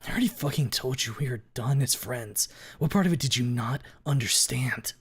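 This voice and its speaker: A man's voice: mid-range voice, normal speed, slightly rough. A man reading aloud and voicing a cold, vicious male dinosaur in a harsh whisper, as whispered role-play.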